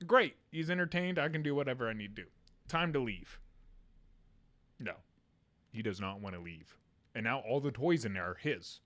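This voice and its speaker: Animated laughing young man telling a story. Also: medium pitch, normal speed, pauses often. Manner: animated, laughing storyteller acting out a kid's screams. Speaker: podcast co-host. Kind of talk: casual storytelling chat.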